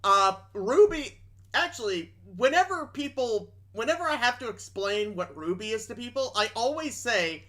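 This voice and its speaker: A man's voice: very high voice, expressive, normal speed, a bit bright. A young man streaming games, chatting casually in a blunt, sarcastic way. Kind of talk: casual chat.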